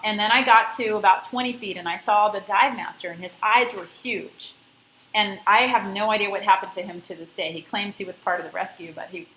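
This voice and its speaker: A woman's voice: mid-range voice, a bit bright, slight background noise. Scuba instructor woman in echoey room. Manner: conversational, emphatic about safety. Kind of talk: lecture with personal story.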